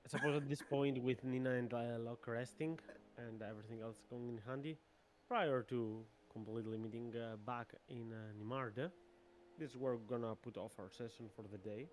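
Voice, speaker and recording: Man, game master, middle pitch, hesitant, faint background noise. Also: steady tone, moderate pace. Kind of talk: casual chat.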